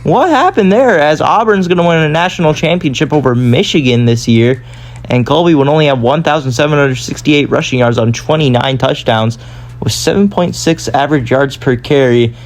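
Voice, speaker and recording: A man's voice: medium pitch, brisk. A man giving casual gameplay commentary, rambling and often correcting himself. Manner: rambling, self-correcting, chatty. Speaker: gaming YouTuber.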